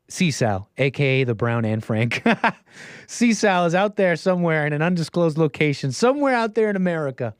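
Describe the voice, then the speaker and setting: A man's voice: fairly high pitch, lively intonation, fairly quick, clean tone, no echo, studio quality. A man hosting a call-in livestream, chatting casually and riffing, laughing between his remarks. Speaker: call-in show host.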